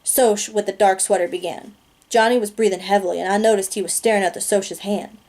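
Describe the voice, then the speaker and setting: A woman reading a novel aloud in a steady, plain narration, with small slips and restarts along the way. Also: mid-range voice, quick pace. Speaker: reader.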